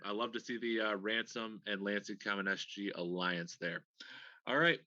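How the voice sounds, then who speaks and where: Teasing, laughing podcast host. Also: male voice, on the low side, moderate pace, sharp tone, dry recording, highs cut off. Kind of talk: casual chat. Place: home room, remote video call.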